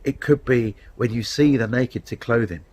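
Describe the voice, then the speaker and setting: A middle-aged man preaching a sermon as a guest speaker, telling stories in a conversational, animated way, recorded outdoors in the wind. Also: medium pitch, moderate pace, rough recording. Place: outdoors, windy.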